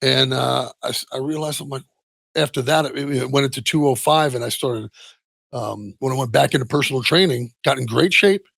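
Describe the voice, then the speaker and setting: A middle-aged man speaks candidly as an interview guest, his voice husky with a gravelly edge. He pauses and restarts often, trailing off softly. The sound is dry and close. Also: mid-range voice, no echo. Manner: halting, many restarts and soft trailing asides. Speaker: interview guest, retired football player. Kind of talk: candid personal storytelling.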